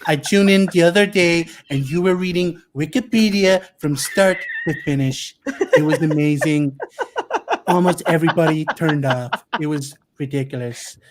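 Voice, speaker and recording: A man's voice: on the high side, moderate pace, slight background noise, natural voice. A man doing a blustering old politician impression. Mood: mocking. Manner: rambling, insulting, self-important.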